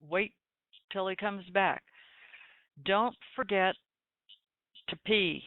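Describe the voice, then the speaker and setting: A woman's voice: lowish voice, no room sound. A woman hosting a live trading webinar, giving folksy, chatty market commentary with dry sarcastic asides. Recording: tinny phone-like line, dry.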